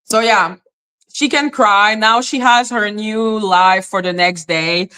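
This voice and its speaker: Sharp-toned woman ranting on a livestream. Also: mid-range voice, slow pace, smooth. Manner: blunt, profane, taunting. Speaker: livestream host. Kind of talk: confrontational live-stream rant.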